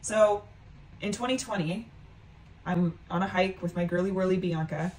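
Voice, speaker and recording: A woman's voice: fairly low pitch, moderate pace. A young woman in her twenties, a stand-up comedian from North Carolina, telling a funny story in a casual vlog and acting out her family's voices. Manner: animated, acts out voices of family members.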